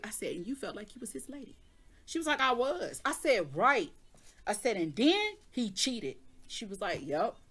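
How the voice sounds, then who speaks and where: A woman reading tarot cards, then telling a story in casual, slangy speech. She laughs often and acts out both sides of the conversation. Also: mid-range voice. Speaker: tarot reader.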